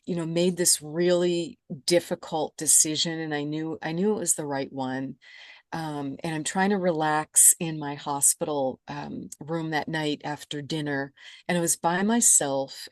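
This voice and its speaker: A woman, an interview guest, telling a personal story in a vivid, expressive way and laughing easily. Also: low-pitched, dry recording, clean studio sound. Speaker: interview guest, energy healer.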